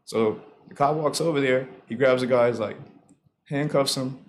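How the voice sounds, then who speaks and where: A man's voice: medium pitch, normal speed. Young man, podcast co-host, laid-back, filler-heavy chat, slight background noise. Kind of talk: casual chat, storytelling.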